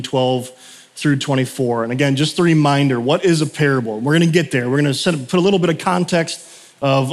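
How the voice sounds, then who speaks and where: Chatty pastor in an echoing hall. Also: male voice, fairly high pitch. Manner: chatty, self-interrupting storyteller. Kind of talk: casual sermon. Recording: long hall reverb.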